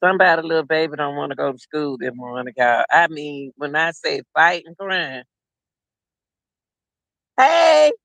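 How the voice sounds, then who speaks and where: A man's voice: fairly high pitch, brisk, hardly any pauses, bright, forceful tone, no echo. A middle-aged man hosting a casual livestream, rambling and chatting directly to his viewers. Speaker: livestream host.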